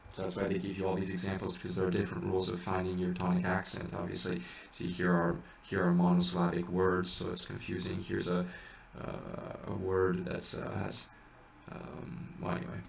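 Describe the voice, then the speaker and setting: Low, monotone and gravelly, a man teaching chant moves briskly but haltingly through how pointing works, reasoning aloud, starting over, and breaking into sung fragments. The informal lesson is captured by a far-off mic in an echoey space with faint hiss.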